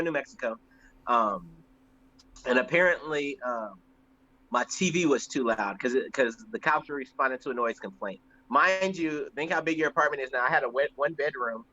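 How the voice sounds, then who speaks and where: A young man co-hosting a podcast, telling stories casually and acting out the voices of people in them. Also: fairly high pitch. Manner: animated, acts out voices in anecdotes. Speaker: podcast co-host. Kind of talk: casual storytelling. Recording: slightly muffled lo-fi audio.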